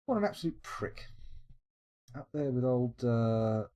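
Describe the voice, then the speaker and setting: A man's voice: mid-range voice, animated, a little slow, warm tone. Sweary British man rambling to his chat. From United Kingdom. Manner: rambling, sweary and jokey, with frequent restarts and laughs. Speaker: live streamer. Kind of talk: late-night casual stream chat, reading out viewer comments.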